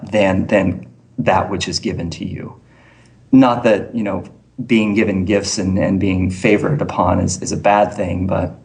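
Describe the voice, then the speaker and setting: A man in his thirties, a fitness coach guest on a podcast, telling a personal story in an earnest, halting way with many restarts. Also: low-pitched, vocal fry. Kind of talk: storytelling in an interview.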